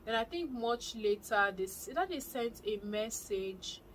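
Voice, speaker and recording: A young adult woman with a Nigerian accent, telling a personal story to her vlog viewers in a lively, excitable way. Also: on the high side, measured pace, slight background noise, poor audio. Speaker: vlogger. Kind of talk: casual storytelling to camera.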